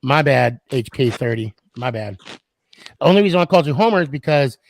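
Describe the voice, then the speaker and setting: A man's voice: medium pitch, lively intonation, normal speed, vocal fry, noisy background. A man hosting a live podcast stream, chatting casually and laughing easily. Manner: laughs easily, friendly banter. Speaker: podcast host.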